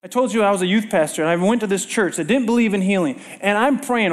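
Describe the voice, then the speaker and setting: High-voiced middle-aged man preaching. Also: brisk. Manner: animated storyteller, quizzes the congregation with rhetorical questions. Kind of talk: sermon.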